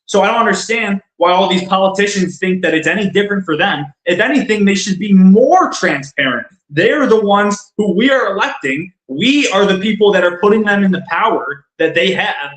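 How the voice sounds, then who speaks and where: A male podcast co-host talks politics casually, blunt and emphatic, often repeating himself. His voice sits high and sounds animated and a bit bright, moving at normal speed with few pauses, and the recording has a roomy echo.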